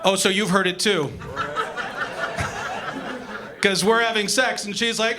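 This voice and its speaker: A young man performing a stand-up comedy set on a club stage, animated and acting out the voices of the people in his jokes. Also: high voice, a little fast, hardly any pauses, very noisy. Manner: animated, acts out voices and punchlines.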